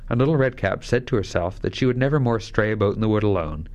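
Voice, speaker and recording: A man's voice: lowish voice, animated, fast talker, a little mellow, muffled recording. A man narrating a fairy tale, shifting his voice lightly for each character. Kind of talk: scripted fairy-tale reading.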